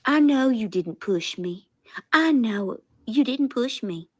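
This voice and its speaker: A woman's voice: on the high side, animated, slow, dry recording, studio quality. A woman doing a comedic impression of a foul-mouthed, defensive woman streamer who rants and curses. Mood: aggrieved. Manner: ranting, cursing, mocking.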